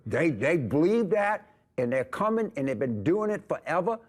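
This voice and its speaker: A man's voice: on the high side, very animated, normal speed. An older man arguing heatedly on a TV panel, emphatic and repetitive, often restarting his sentences. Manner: emphatic, repetitive, jumping between thoughts. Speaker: political commentator guest. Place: TV studio with audience.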